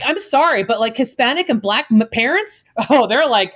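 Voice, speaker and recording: Female co-host, teacher, blunt and profane, rants hard; voice a touch high. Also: lively intonation, moderate pace, fairly bright tone. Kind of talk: casual podcast chat.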